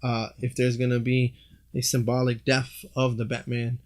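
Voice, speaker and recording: A man co-hosting a comic book chat, calmly and casually explaining the story and finishing his partner's sentences. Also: medium pitch, moderate pace. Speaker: comic book podcast co-host.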